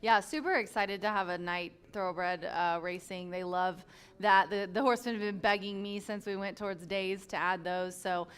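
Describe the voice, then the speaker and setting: A woman's voice: medium pitch, normal speed, fairly bright tone, clear, resonant tone. A woman hosting a horse racing show, chatting in an upbeat way and laughing often. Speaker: racing program host and handicapper. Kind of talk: casual chat.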